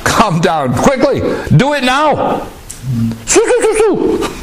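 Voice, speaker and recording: A man's voice: wildly swooping pitch, slow pace, reverberant, slight background noise, heavily acted. A man preaching acts out an army captain who shrilly orders a prophet to come down at once. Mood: urgent. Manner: shrill, urgent shouting of orders. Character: frantic commanding male army captain.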